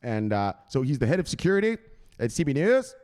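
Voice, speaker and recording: A man's voice: medium pitch, fairly quick. A man hosting a crypto channel at home at night, rambling and swearing in casual vlog chat. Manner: profane, rambling, animated.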